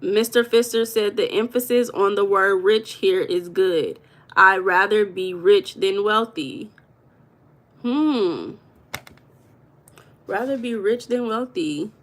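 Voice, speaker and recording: A woman with a mid-range voice hosts a live stream, taking things slowly as she chats casually. She reads viewers' comments aloud in an affectionate way, calling them baby.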